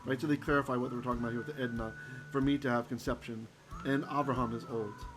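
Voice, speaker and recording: A man teaching a Torah lesson as a rabbi, animated and often checking in with his listeners, sometimes chanting verses. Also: medium pitch, fast, over music, poor audio.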